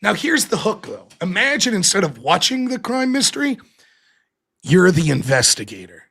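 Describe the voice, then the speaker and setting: A man's voice: very high voice, a little fast, husky. Exasperated, profane male livestream host. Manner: exasperated, animated, profane ranting. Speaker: livestream political commentary host. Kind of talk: live-streamed commentary rant.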